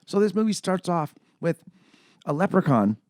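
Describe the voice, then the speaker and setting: A man's voice: high-pitched, sing-song, normal speed, darkish tone, no echo, clean studio sound. A man co-hosting a casual movie-review podcast, rambling and swearing freely as he acts out lines from the film. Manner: profane, rambling, acts out quotes in silly voices. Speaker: podcast co-host.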